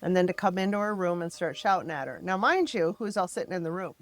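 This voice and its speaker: A middle-aged mother from the American Midwest telling her family's story in an interview, emphatic and frank, turning animated when she quotes others. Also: lowish voice, fast talker, no echo. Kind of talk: personal storytelling in a podcast interview.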